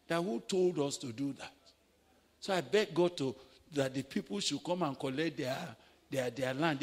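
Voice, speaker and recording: A man with a Nigerian accent preaching a sermon, telling stories and acting out quoted voices, his delivery swinging from hushed to shouting. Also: a little high, in a large hall. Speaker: pastor. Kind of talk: sermon with storytelling.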